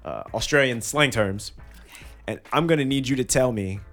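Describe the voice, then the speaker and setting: A man hosting a casual slang quiz with friends, playful and quick to laugh, often stumbling over his words. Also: medium pitch, fairly bright tone, soft background music. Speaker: host running a slang quiz. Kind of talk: casual group chat.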